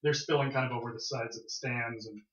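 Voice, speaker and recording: Fast-talking man running a tabletop game. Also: medium pitch, steady tone, a bit bright. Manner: quick, plain-spoken scene narration. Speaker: game master. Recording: echoey room, dull lo-fi sound.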